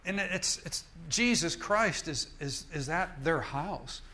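Guy preaching a sermon, kinda high voice, keeps repeating himself for emphasis. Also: lively intonation, slow pace, bright, forceful tone. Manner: emphatic, repetitive preaching with restarts. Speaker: minister.

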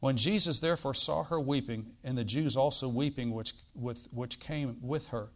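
A man preaching a sermon, reading scripture aloud and explaining it, swinging from loud bursts to quiet asides. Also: medium pitch, normal speed. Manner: animated preaching, bursts loud on quoted lines then drops quiet; reads old-style scripture, asides with "all right?".

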